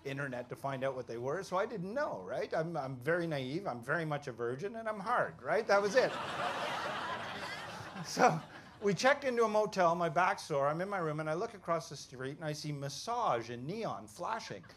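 A Canadian man in his fifties works a comedy club crowd with a slightly high voice, swearing freely and throwing asides at the audience. The live recording carries a clear layer of room noise under him. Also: big pitch swings, normal speed. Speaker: stand-up comedian. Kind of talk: stand-up comedy set. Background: audience laughter and room noise.

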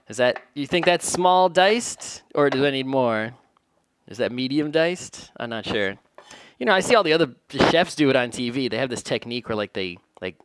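Man, mid-pitched, chatty home-kitchen cook, self-deprecating jokes, faint hiss behind. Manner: joking, rambling, self-deprecating. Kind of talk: casual cooking narration.

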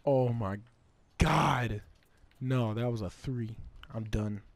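A man giving casual live commentary over his own gameplay, trash-talking in a profane, excitable way with sudden yells. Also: medium pitch, slow, gravelly, no room sound.

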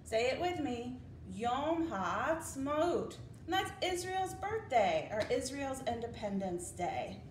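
A young woman leading circle time for preschoolers as their teacher, talking slowly in a sing-song, coaxing way. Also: sits high, expressive, echoey room, a little hiss or hum. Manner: slow, sing-song, coaxing children to repeat.

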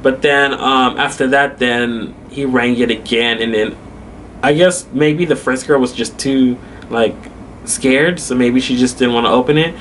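A man's voice: mid-range voice, fairly even intonation, measured pace, a bit bright, a little hiss or hum. A young man vlogging casually, telling a story with lots of fillers and frequent laughter.

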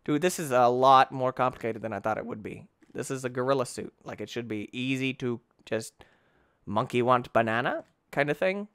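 A young man giving let's-play commentary, tired and yawning, breaking into excited yelps and shouts. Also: mid-range voice, moderate pace, smooth, no room sound, clean studio sound. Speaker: gaming YouTuber.

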